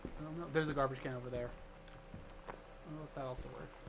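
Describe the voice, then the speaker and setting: An offhand co-player talking over a call, laughing and hedging as they play. Their voice sits mid-range. Clear noise runs under the call audio. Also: medium pitch, fairly even intonation, fast. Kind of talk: casual gameplay chat.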